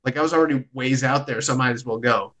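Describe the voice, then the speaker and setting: Podcast host, man, loose rambling delivery with swearing, mid pitch. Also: quick pace, fairly bright tone, low-quality recording. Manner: rambling storyteller, swears freely. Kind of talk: casual podcast chat.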